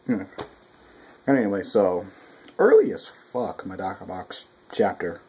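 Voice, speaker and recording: A man's voice: sits low, slow pace, a little hiss or hum, rough recording. A young man reviewing a manga chapter in a casual, rambling, profane way, at home with his cat nearby. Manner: profane, rambling, animated quoting.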